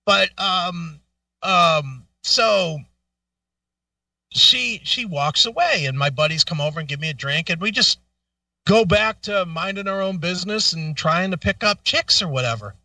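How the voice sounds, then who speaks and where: A middle-aged man with a high, bright voice tells a profane story to his co-host. He is animated and acts out every quote. The studio sounds dry, and he sits a little back from the mic. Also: unhurried, dry recording, far from the mic. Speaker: radio show co-host. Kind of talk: casual storytelling chat.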